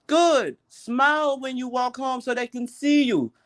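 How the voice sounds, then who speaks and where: A man mimicking a blunt, cheerful woman coworker in a high, clipped, deadpan voice. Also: measured pace, very noisy. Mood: teasing.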